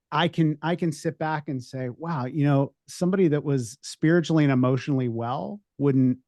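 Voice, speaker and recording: A man's voice: medium pitch, darkish tone, no echo. Reflective man in a panel chat. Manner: reflective, rambling with restarts. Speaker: veterinary practice owner and podcast panelist. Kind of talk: casual panel discussion.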